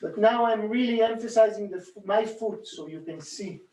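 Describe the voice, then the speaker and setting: A man calmly teaching a hands-on bodywork technique, demonstrating as he talks and repeating rhythmic sounds while he works. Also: high voice, moderate pace, hardly any pauses. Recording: roomy echo, distant from mic.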